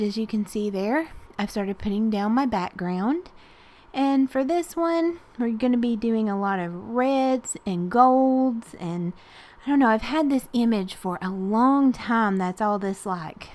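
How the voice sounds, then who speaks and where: A Southern woman from Tennessee chatting casually through a voice-over as she makes a collage art journal page, rambling with fillers and soft laughs. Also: on the high side. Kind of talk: casual voice-over narration while crafting.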